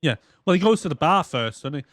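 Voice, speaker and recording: A man's voice: a little high, lively intonation, fast talker, fairly bright tone, no room sound. A man hosting a casual film podcast, sarcastically retelling scenes and acting them out. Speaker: podcast host. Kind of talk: casual movie review chat.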